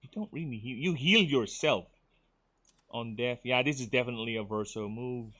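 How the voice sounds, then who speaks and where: A man's voice: mid-range voice, normal speed, pushed and bright. A man from the Philippines, streaming a game, teasing his viewers and muttering through his choices. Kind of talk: casual game stream chat.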